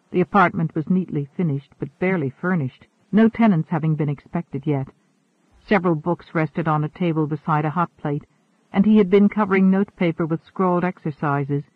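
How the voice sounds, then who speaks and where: A man reading a novel aloud in a measured, even narration. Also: on the high side, dry recording. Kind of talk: audiobook narration. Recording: narrow phone-like sound.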